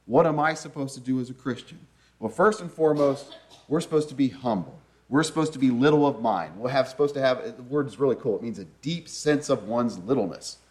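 Earnest male preacher giving a sermon. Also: medium pitch. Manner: earnest, conversational teaching with many rhetorical questions.

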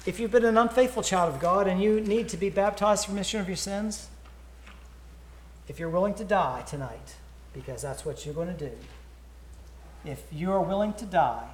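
A man's voice: high-pitched, roomy sound, slight background noise. A man giving an earnest sermon invitation, repeating words as he tells a story. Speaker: preacher. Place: church.

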